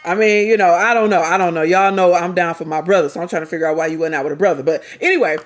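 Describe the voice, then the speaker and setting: A woman's voice: fairly low pitch, rapid-fire. A middle-aged woman, giving blunt, slangy, scolding reaction commentary as a vlogger.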